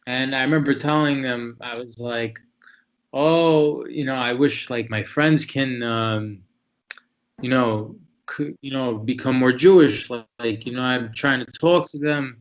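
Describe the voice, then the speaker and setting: A man's voice: mid-range voice, unhurried, poor audio. Rambling man full of fillers. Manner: rambling, many fillers like "you know" and "like". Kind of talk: casual discussion.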